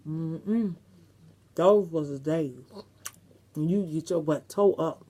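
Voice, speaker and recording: A woman's voice: low-pitched, slow pace, warm tone. A middle-aged woman vlogger, chatting casually and reminiscing to her viewers, with some salty language. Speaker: mukbang vlogger.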